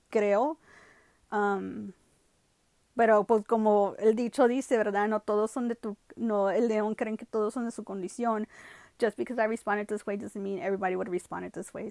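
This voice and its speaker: A woman with a mid-range, somewhat dark voice tells a personal story in a casual vlog, recorded with no room sound. She switches between English and Spanish and fills her talk with lots of "you know" and "like."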